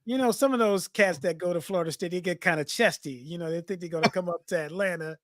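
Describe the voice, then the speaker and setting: A man, co-hosting a podcast and telling lively stories that he acts out in casual chat. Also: sits high, fast talker, dry recording, clean studio sound. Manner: animated storyteller, acts out quotes. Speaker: podcast co-host.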